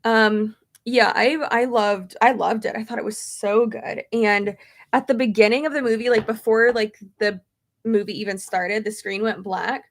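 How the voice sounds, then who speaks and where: Woman, young adult, chatty, rambling, gravelly fry, high-ish pitch. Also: steady tone, normal speed. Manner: chatty, rambling with many fillers. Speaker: beauty vlogger answering viewer questions. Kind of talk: casual chat.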